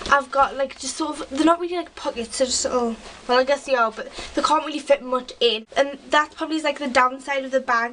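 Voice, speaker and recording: A high, youthful voice from a teenage girl, chatting casually to camera. She rambles, piling up fillers and half-finished thoughts. A faint hiss sits under the home recording. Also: fairly bright tone, distant mic, rough recording. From England. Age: teens. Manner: chatty and rambling, full of "like" and "sort of". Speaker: vlogger. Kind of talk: casual chat.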